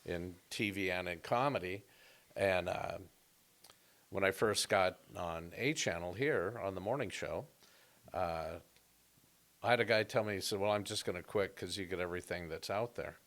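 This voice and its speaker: A man's voice: low-pitched, moderate pace. A man who works as a comedian, telling stories and joking in a casual podcast conversation. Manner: storytelling, animated and joking.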